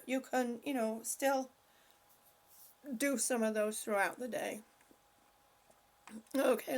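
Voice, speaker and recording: An older woman hosting a casual livestream, calling out gentle stretches and chatting with viewers as she reads their comments aloud. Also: sits high. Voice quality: breathy at times. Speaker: livestream host leading stretches. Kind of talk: casual livestream chat and exercise cues.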